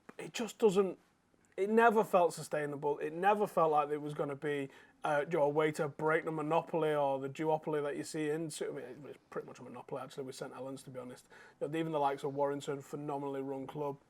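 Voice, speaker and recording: A man with a voice pitched a little above the usual male range, co-hosting a casual sports podcast. His commentary is dry and exasperated, with an easygoing, matey delivery. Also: fairly even intonation, fast. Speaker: podcast co-host. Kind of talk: casual chat.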